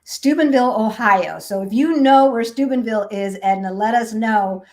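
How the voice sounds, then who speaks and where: A woman's voice: fairly high pitch, normal speed. A middle-aged woman chatting casually on a live stream, reading viewers' comments aloud and laughing often. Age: 50s. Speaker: vlogger reading live chat.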